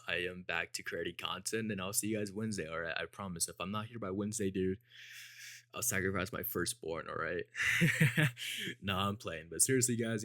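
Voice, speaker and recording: A young man with a lowish voice tells a story in a relaxed, swearing-heavy vlog style. He often breaks into laughter. His voice sounds dry and close, with no room echo. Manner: laid-back, profane, laughing storyteller. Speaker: vlogger. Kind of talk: casual storytime.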